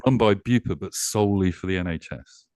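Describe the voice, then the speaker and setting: A man's voice: low voice, fairly quick, a little mellow, dry recording. A man from the United Kingdom talking on a casual panel chat, with wry, dry humor.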